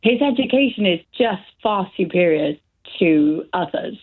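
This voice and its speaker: A woman from South Wales calling a radio show, chatty and quick to laugh, with hesitant fillers. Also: mid-range voice, animated. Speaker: caller. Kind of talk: phone-in call. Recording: tinny phone line.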